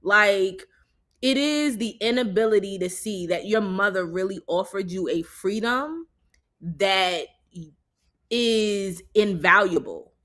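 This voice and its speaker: A woman's voice: mid-range voice, pushed and bright. A woman co-hosting a casual livestream chat, explaining her view at length in a thoughtful way. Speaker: co-host.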